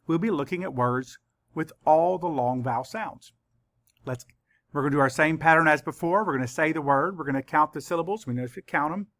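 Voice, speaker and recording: A man teaches a children's spelling lesson in a voice pitched a little above the usual male range. He spells words out slowly and deliberately, letter by letter. The recording is close and dry, with no room sound. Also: fairly bright tone, no room sound.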